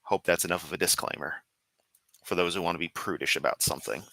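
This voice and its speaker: A man's voice: deep voice, quick pace, sharp tone, no room sound, rough recording. A man hosting a live stream, commenting casually and sarcastically with frequent uh and um. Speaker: streamer host.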